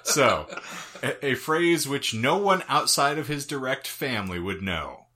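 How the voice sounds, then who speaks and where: Lively, bright-voiced comedy podcast host. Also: male voice, mid-range voice, a little slow, husky. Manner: reads history aloud with crude joking asides.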